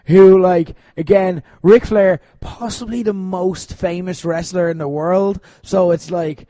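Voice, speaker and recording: A man's voice: high-pitched, steady tone, unhurried, dark tone, dry recording. A man co-hosting a casual podcast, rambling and laughing as he tells stories, swearing now and then. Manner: rambling, laughing, profane storytelling. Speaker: podcast co-host.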